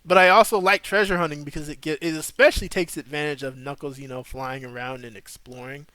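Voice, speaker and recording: A young man in a relaxed stream chat, drifting between topics in a slangy, easygoing way. His voice sits a bit high and comes across bright and forward. The sound is dry and close. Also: quick pace, no room sound. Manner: laid-back, rambling, slangy. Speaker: streamer host. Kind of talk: casual stream chat while gaming.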